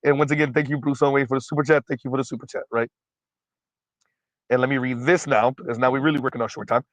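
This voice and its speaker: A man's voice: mid-range voice, fairly even intonation, fast, dry recording, rough recording. Blunt, emphatic male livestream host. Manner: blunt, emphatic, repeats points; frequent um fillers while recalling names. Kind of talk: casual livestream commentary.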